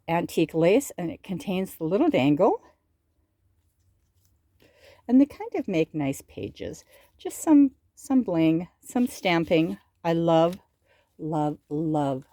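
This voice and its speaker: Slow, low-voiced woman crafting vlogger. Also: warm tone, no echo. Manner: chatty, gushing over crafts. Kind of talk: casual show-and-tell.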